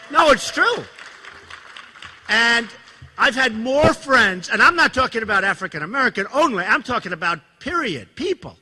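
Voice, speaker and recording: Man in his sixties, rally speech, very bright voice, high pitch, boastful, repetitive, digressive. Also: breathy edge. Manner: boastful, repetitive, digressive, asks the crowd questions. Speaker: campaign speaker. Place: event hall with audience.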